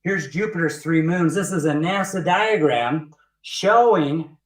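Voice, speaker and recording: Presenting a webinar outdoors with trees behind him, a man walks through his book, teaching emphatically and repeating points through rhetorical questions. His voice is on the high side, expressive, and a little slow, and the recording sounds echoey with him distant from the mic.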